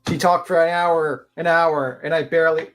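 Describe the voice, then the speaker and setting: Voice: medium pitch, steady tone, moderate pace. Panelist in mid voice, loose casual delivery, full of "like" and swearing. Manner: casual, profane, filler-heavy. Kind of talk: casual live-stream chat.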